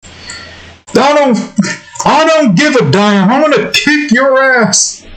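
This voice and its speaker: A grumpy middle-aged cartoon dad, blustering and threatening in a gruff, raised voice, as a man puts him on. He sits above the performer's normal pitch and sounds a bit hurried. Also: lively intonation, a bit bright, roomy sound, exaggerated voice, low-quality recording.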